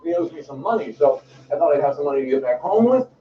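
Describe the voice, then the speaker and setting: An actor playing a pushy, wheedling homeless panhandler who turns aggressive, in distant, muffled, echoey film audio. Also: male voice, on the high side, expressive, fast talker, a little hiss or hum, natural voice. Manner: wheedling, then aggressive and demanding. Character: pushy homeless male panhandler, middle-aged. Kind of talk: film acting.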